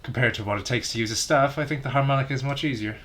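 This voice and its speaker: A man voicing a calm, dry-witted teenage boy while reading game dialogue, with a measured delivery. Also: mid-range voice, slight background noise, close to an everyday voice.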